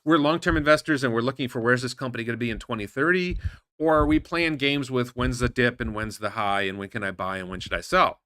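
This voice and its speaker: A man hosting a stock market commentary show, reacting indignantly to posts in a rambling, animated way with frequent restarts. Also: medium pitch, quick pace, no room sound. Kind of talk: casual commentary reading posts aloud.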